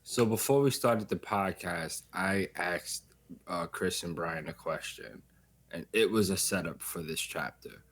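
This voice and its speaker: A man's voice: low-pitched, a bit bright, breathy edge. A man co-hosting a podcast in casual banter, joking and swearing while giving his take. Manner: joking, profane, talks in quick asides. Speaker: podcast co-host.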